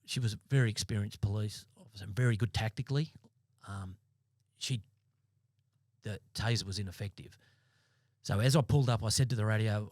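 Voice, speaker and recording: An Australian man in his fifties, a former police sergeant, telling his story as a podcast guest in a blunt, halting way with many restarts. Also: lowish voice, a little mellow, no room sound, clean studio sound. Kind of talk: interview storytelling. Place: podcast studio.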